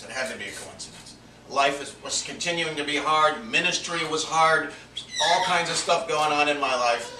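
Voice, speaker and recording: Man preaching a personal testimony, confessional, somewhat high voice, recorded from a distance with faint noise. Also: bright, forceful tone, roomy sound. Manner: earnest, confessional, drops to near-whisper for inner thoughts. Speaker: minister telling a personal story. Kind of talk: sermon testimony storytelling.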